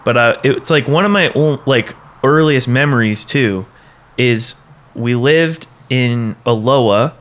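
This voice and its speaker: A man co-hosting a casual podcast, talking in a relaxed, wry way. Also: medium pitch, measured pace. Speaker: podcast co-host.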